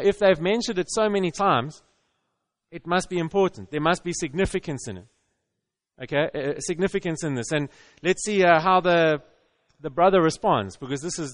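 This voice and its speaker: A man preaching a sermon in a relaxed, conversational way, acting out the voices of the people in his story and often chuckling. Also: sits high, dry recording, in a large hall.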